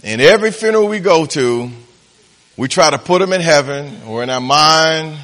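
Expressive and high-pitched, this preacher lingers slowly on key words, then picks up speed and breaks into laughter at his punchlines. He works the crowd, now quiet, now loud, while his voice rings out in a big hall with long reverb.

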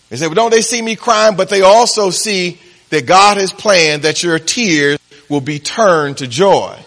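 A man with a high-pitched voice preaches a sermon, drawing out key words slowly, then speeding up and breaking into laughter at his own punchlines. His voice rings through a big hall with a long, trailing reverb. The delivery is a pastor working the congregation, soft one moment and loud the next.

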